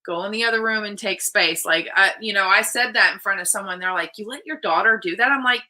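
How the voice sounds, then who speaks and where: Bright, upbeat woman host in her 30s. Animated storyteller who acts out the people she quotes. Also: medium pitch, fast, hardly any pauses, poor audio. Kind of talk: casual interview chat.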